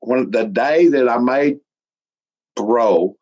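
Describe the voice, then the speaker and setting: A man's voice: medium pitch, takes it slowly, a little mellow. Middle-aged man, folksy storyteller who chuckles and gets emotional, medium voice, slightly muffled recording. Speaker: interviewee. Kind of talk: casual storytelling.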